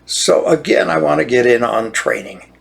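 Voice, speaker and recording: An older American man, a retired lawyer, launches into an indignant monologue rant, repeating himself and often restarting his phrases. His medium-pitched voice is expressive, at a moderate pace, with vocal fry.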